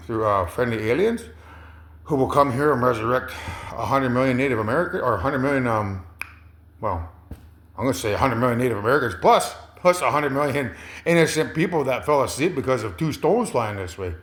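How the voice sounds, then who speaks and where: A man's voice: mid-range voice, lively intonation, a little fast, fairly bright tone. A man talking in a rambling monologue, hesitant, with many fillers, repeats and chuckles. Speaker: commentator. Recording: roomy echo.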